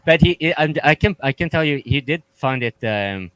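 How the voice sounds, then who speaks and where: A man's voice: on the high side, animated, normal speed, fairly bright tone, no echo. A man from Norway, a regular on an online panel, talking in a rambling, self-correcting casual way. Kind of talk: casual group chat.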